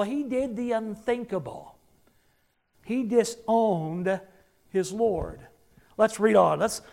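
A man's voice: extremely high pitch, creaky. A male pastor preaching a sermon, emphatic, acting out the words of the figures he quotes and putting questions to the congregation.

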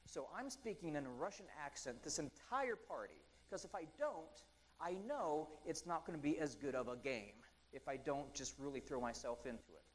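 A man preaching a conversational sermon, chatty and full of ums and asides, who slows down to read scripture aloud. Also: a little high, poor audio.

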